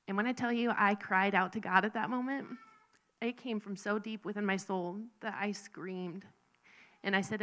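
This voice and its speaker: A woman telling her personal faith testimony in an earnest, halting, emotional way. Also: medium pitch, little pitch movement, a bit bright. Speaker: speaker sharing a recovery testimony.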